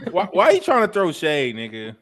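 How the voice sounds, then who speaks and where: A man's voice: on the high side, huge pitch swings, fairly quick, a loud crowd. Brief: bouncy-voiced male co-host, blunt and mocking, laughs a lot. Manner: blunt, teasing, laughing, crude slang. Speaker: podcast co-host. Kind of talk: casual banter.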